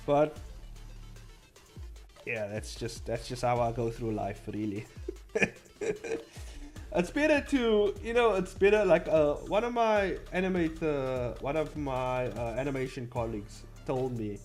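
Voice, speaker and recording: A man's voice: mid-range voice, a little mellow. A young man chatting casually on a livestream, rambling and blunt, swearing freely. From South Africa. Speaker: streamer.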